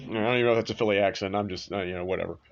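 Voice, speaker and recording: A man's voice: fairly low pitch, steady tone, racing, creaky, highs cut off. A man hosting a sports show, talking casually and bluntly, with frequent swearing and offhand asides. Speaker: sports podcast host. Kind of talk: casual sports and betting talk.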